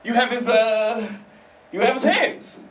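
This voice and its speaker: A woman's voice: a little high, measured pace, pitched above the performer's own voice, lightly acted. A man doing the voice of a blunt mother who lectures her son in a matter-of-fact way, caught live in a roomy small theater from a distance. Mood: lecturing.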